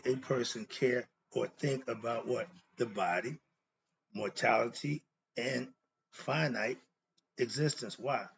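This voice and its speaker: A man's voice: mid-range voice, creaky. A man giving an informal philosophy lecture, bluntly posing rhetorical questions and answering them himself. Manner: emphatic, blunt and conversational. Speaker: philosophy teacher. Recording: dull lo-fi sound with faint noise.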